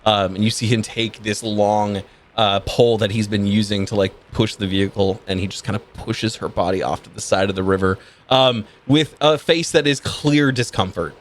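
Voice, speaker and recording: A man narrating as game master of a tabletop game, describing scenes in a relaxed way with frequent ums and uhs. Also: on the low side, moderate pace, slight background noise.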